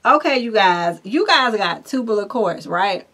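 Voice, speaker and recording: A woman giving a spiritual tarot reading, who talks viewers through guided breathing and reads cards with lively, chatty asides. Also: mid-range voice. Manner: slow, soothing guided breathing, then excited and laughing at the cards. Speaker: tarot reader.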